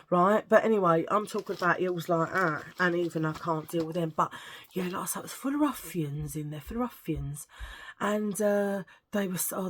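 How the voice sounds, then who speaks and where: A woman tells rambling, gossipy stories straight to camera. Her voice sits a little low, and she keeps drifting off topic, laughing and acting out what people said. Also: a little fast. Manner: rambling, animated, laughs a lot, acts out quotes. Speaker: vlogger. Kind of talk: casual chatty storytelling.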